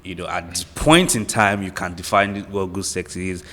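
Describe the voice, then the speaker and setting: A man, a podcast guest speaking slowly and reflectively with many fillers. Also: low-pitched, fairly even intonation, bright, forceful tone, big-room sound. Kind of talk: casual podcast chat.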